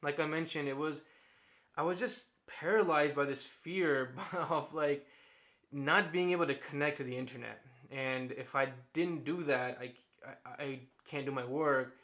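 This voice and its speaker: A man's voice: a little high, moderate pace, a bit bright. A man in his thirties vlogging candidly to camera, open and reflective, often laughing and using fillers. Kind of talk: candid personal vlog talk.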